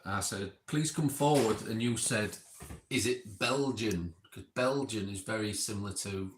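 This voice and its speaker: A man's voice: fairly low pitch, measured pace, a bit bright, a little hiss or hum. A man casually reading back timestamped notes from an experiment session, adding chatty asides. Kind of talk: casual recap reading out logged remarks. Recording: roomy echo.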